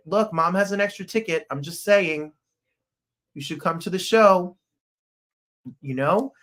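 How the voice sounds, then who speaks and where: Excitable chatty male podcast host. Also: high-pitched, moderate pace, long pauses. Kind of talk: casual livestream chat.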